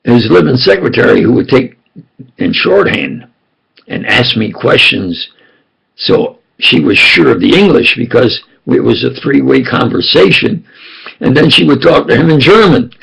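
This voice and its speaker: A self-styled preacher and storyteller, this older New Yorker tells his story in a rambling, slow and deliberate monologue, his tough accent and voice deeply gravelly and rough. Lively pitch swings accompany the conspiratorial insistence with which he drives his points home.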